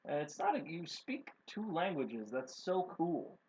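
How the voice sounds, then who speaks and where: A woman's voice: low voice, big pitch swings, unhurried, a little mellow, husky. A woman co-hosting a casual stream chat, making dry, wry remarks. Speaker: co-host. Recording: dull lo-fi stream audio.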